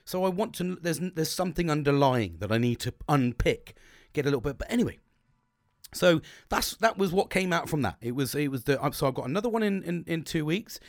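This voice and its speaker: A man's voice: a little high, animated, a little fast, no room sound, studio quality. A man hosting a podcast, talking casually, swearing a lot and rambling with restarts. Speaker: podcast host.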